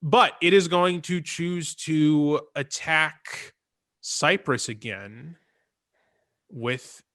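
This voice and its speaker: Male game master, bright and forward voice, chatty, fills his talk with "uh" and "um". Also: fairly high pitch, drawn-out words. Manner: chatty, many fillers and restarts. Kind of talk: narrating a tabletop game.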